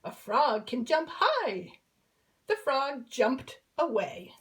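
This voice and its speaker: Woman, English teacher for kids, slow careful delivery, fairly high voice, patient drilling. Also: sing-song, poor audio. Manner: patient, repeats each verb form in drills. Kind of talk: slow classroom explanation.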